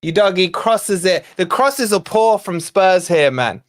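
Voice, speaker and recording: Excitable fan commentating live. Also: male voice, high voice, measured pace. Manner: excitable, shouts at chances and fouls; chatty, talks to viewers and co-host. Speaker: fan channel host. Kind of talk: live watch-along commentary.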